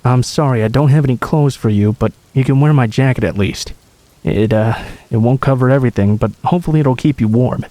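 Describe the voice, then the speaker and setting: A man's voice: mid-range voice, brisk, warm tone, no room sound, natural voice. A man voicing a protective young male country boy who talks in an earnest, reassuring way.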